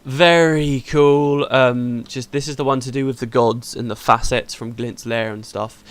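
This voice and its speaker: A man's voice: medium pitch, steady tone, measured pace, clean tone. A man hosting a let's play, chatting casually through the game and laughing easily.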